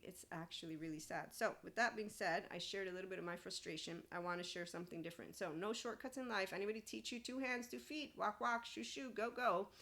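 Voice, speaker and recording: A woman with a medium-pitched, slightly bright voice hosts a spiritual self-help podcast. She reads an AI answer aloud and responds in a blunt, opinionated monologue, swearing freely.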